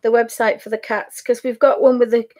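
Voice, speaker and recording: A woman's voice: fairly high pitch, little pitch movement, brisk, darkish tone. A woman with a Yorkshire accent chatting casually to camera as a craft vlogger, rambling and trailing off mid-sentence.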